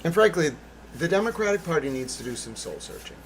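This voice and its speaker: A man's voice: fairly high pitch, big pitch swings, brisk, slight background noise, poor audio. A man hosting his own channel, delivering a blunt, profane, sarcastic political monologue. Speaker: channel host.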